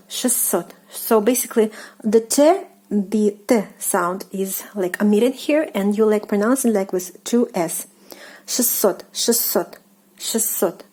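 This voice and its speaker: A woman with a Russian accent, a native Russian speaker, teaching casually with many fillers and slow repetitions. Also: mid-range voice, dark tone. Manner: hesitant, many fillers, repeats words slowly. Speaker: language teacher.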